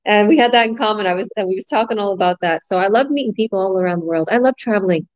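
An excitable, bubbly middle-aged woman from Canada hosts a casual online live chat, laughing often as she talks. Her voice sits at an ordinary pitch. The audio is slightly dull, as over a video call. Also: fast. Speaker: host.

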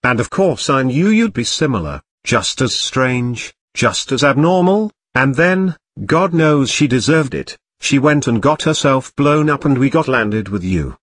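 A man voicing a bitter, shrill aunt who rants at length in a story reading. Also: animated, a little slow, husky, dry recording. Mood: ranting.

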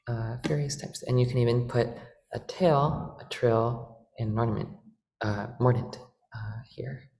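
A man's voice: medium pitch, fairly even intonation, creaky, a little mellow. Man explaining ornaments in a roomy space. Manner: halting, explanatory, many fillers. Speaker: organ workshop presenter. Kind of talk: lecture demonstration. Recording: roomy, with organ music.

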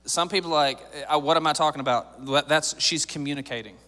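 A man's voice: a little high, fast talker, pushed and bright, big-room sound. A man in his thirties preaching a sermon in a church, joking and conversational, building to emphatic points. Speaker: pastor. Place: church sanctuary.

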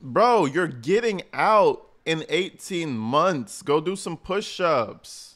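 A man's voice: a little high, expressive, slow pace, fairly bright tone. A man giving blunt, slangy reaction commentary as host, mocking and advising.

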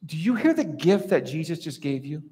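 A man preaching a sermon as a pastor, animated and acting out little scenes in other voices. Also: on the high side, normal speed. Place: church sanctuary. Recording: reverberant church sanctuary.

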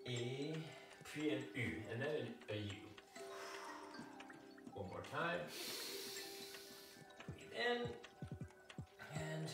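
The man's voice is medium-pitched and sounds far from the microphone. As a kids' fitness instructor with a French-speaking background, he leads an at-home workout, counting reps and guiding stretches with upbeat encouragement. Echo fills the room, the mic is set back, and music plays faintly.

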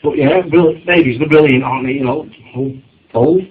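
A man, performing a stand-up routine on a comedy club stage and acting out shouted quotes. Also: on the high side, fairly quick, a little hiss or hum. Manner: lively storytelling, acts out shouted quotes. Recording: dull lo-fi club recording.

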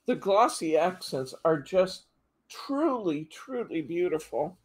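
Speaking slowly in a fairly low, sing-song voice with a breathy edge, a middle-aged craft show host runs a live demo. She's chatty, laughs frequently and reads viewer comments aloud.

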